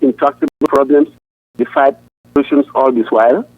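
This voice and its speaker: A man, a pastor, answering interview questions in an earnest, halting way with frequent restarts. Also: medium pitch, sing-song, dry recording. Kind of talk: answering questions over a phone line. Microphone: phone. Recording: tinny dry phone line.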